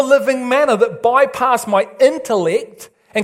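Pastor guy preaching, pretty high voice, super animated and excitable. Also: unhurried, few pauses. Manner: excitable, animated preaching with big swings in pitch. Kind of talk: sermon.

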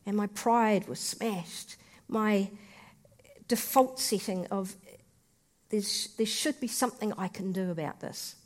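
A woman giving a personal faith testimony in an earnest, heartfelt way, speaking in short, halting phrases. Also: medium pitch.

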